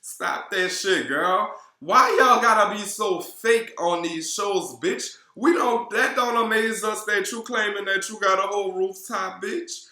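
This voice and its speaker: Recap vlogger, male, New Orleans accent; sassy and animated, a touch high-pitched, in an echoey room. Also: unhurried, few pauses. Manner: sassy, animated, swears constantly, calls viewers girl. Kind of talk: casual profane gossip recap. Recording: roomy echo.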